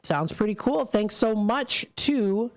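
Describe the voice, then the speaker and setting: A woman's voice: medium pitch, animated, takes it slowly. A woman hosting a live local radio show, upbeat and friendly, reading promos and chatting on a studio mic. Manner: upbeat, friendly, stumbles on names. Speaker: radio host. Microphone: studio microphone.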